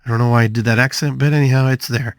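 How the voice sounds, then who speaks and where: An older man delivers a motivational talk as a podcast host, lively and playful. He stretches out repeated words and jumps suddenly up in pitch. His voice sits at an ordinary middle pitch, recorded dry and close. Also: racing, no room sound. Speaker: podcast host and spiritual healer.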